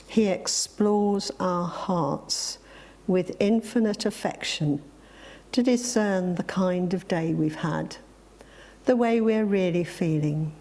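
This preacher is a woman whose voice sits on the low side. She reads a reflective tale and transitions into preaching, softly spoken yet given to emphatic exclamations.

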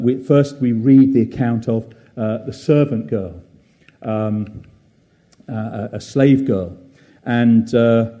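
A man preaching a gentle, reflective sermon at a church service, with frequent fillers and pauses. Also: medium pitch.

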